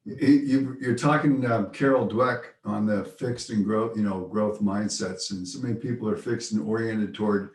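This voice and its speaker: A male interview host with a somewhat low voice, asking thoughtful questions and often restarting his phrases. He sounds set back from the mic, in a roomy space with noticeable echo. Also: fairly even intonation, normal speed, hardly any pauses, darkish tone, far from the mic.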